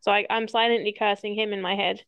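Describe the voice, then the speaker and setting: A woman's voice: medium pitch, little pitch movement, fast talker, a bit bright, clean tone, no room sound, highs cut off. A woman hosting a podcast, telling stories in casual chat and swearing freely. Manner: chatty storyteller, swears casually. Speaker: podcast host.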